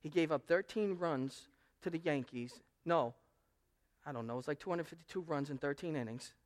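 A male pastor preaching a sermon, swinging between loud proclamation and quiet asides. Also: on the high side, normal speed.

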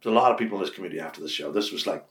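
An older Irish man, a radio host, telling long anecdotes in an interview and acting out the dialogue with lively swings in his voice. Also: racing. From Ireland. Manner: lively storyteller, acts out quoted dialogue with big pitch jumps. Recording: roomy echo.

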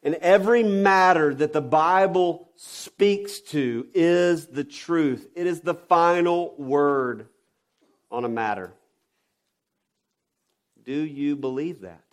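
Emphatic preaching man, higher voice. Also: takes it slowly. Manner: emphatic preaching with rhetorical questions; swings between loud stresses and quiet drops. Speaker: pastor. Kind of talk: sermon.

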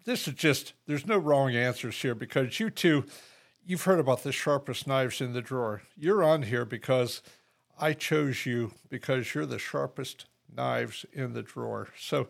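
A man with a gravelly, creaky voice hosts a casual political chat. He talks in a halting way, full of uhs and restarts. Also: mid-range voice. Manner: halting, many fillers and restarts. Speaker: podcast host.

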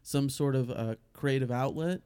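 A young man co-hosting a podcast talks haltingly, restarting his thoughts with wry asides. His voice is dark and mellow at a middle pitch, recorded dry and close. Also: smooth, no room sound. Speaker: podcast co-host. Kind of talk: casual chat.

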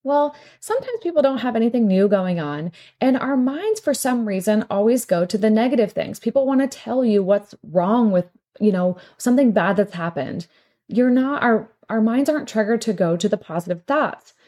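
A woman's voice: a little high, animated, normal speed, dark tone. A middle-aged woman hosting a casual talk show, telling stories in a chatty, rambling way and laughing often. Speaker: podcast host and salon owner. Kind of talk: casual storytelling monologue.

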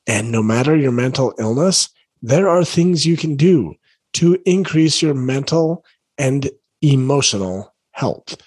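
A man's voice: mid-range voice, lively intonation, measured pace, darkish tone, husky, no echo, low-quality recording. A man who coaches parents, talking casually and earnestly to camera late at night, tired, repeating his key points to encourage them. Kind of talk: casual direct-to-camera talk.

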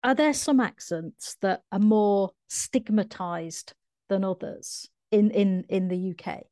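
A woman's voice: medium pitch, takes it slowly, mellow, dry recording. A woman hosting a podcast, asking polite, encouraging interview questions. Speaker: podcast host.

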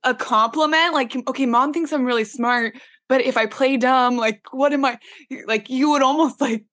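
A woman's voice: high-pitched, moderate pace, fairly bright tone. A young adult woman hosting a casual podcast with her mother, listening supportively and chiming in with her own memories. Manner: supportive, affirming listener who laughs along. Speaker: podcast host, daughter of the guest.

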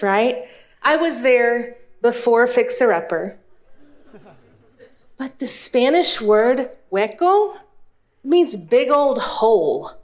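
A woman from East Texas, in her thirties, with an East Texas accent, tells a story to a live audience, slow and unhurried. Her voice sits fairly high. Her manner is humorous and self-deprecating. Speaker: speaker and Spanish teacher.

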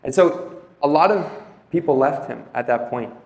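A man's voice: fairly high pitch, expressive, gravelly, a little mellow. Earnest young man giving a religious talk. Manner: earnest, reads scripture slowly and reflectively. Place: room with an audience. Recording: echoey room.

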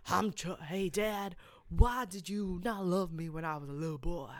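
Woman doing Chuck Bass, slow brooding drawl. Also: animated, creaky, fairly bright tone, exaggerated voice. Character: brooding rich young man, wounded son.

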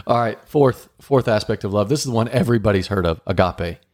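A man's voice: on the low side, animated, brisk, darkish tone, no echo, studio quality. A man co-hosting a casual marriage podcast, upbeat and playful, acting out little dialogues as he explains. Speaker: podcast co-host. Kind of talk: casual marriage advice chat.

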